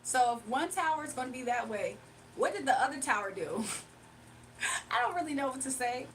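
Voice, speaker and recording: A woman chatting casually with her viewers on a livestream, animated and laughing often. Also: high-pitched, normal speed, slight background noise.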